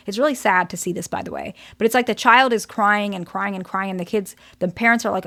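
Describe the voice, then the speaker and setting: A woman's voice: medium pitch, brisk, fairly bright tone. A woman therapist giving a casual, direct teaching talk, often checking in with "okay?".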